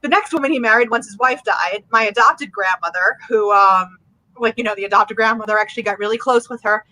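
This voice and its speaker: A woman in casual, blunt podcast banter, chatty and quick with quips. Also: on the high side, pushed and bright, poor audio. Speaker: podcast co-host.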